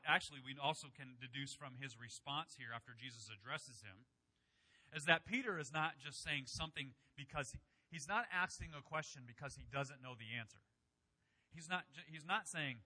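A young adult man preaching a sermon in a conversational way, acting out quoted lines with sudden loud bursts. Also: fairly high pitch. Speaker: pastor.

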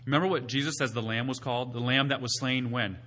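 Male preacher, bright, tense tone, emphatic, asks rhetorical questions. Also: mid-range voice, fairly even intonation, fast. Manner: builds to loud emphatic peaks, then drops to quiet teaching. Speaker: pastor. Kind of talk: sermon.

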